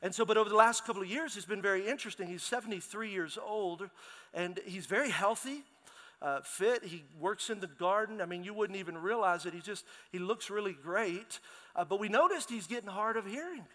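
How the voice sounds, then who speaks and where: A middle-aged man preaching a sermon as pastor, telling lively stories and calling out to his congregation. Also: high-pitched, brisk. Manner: lively storytelling, calls out to the congregation. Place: large church hall. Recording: long hall reverb in a church.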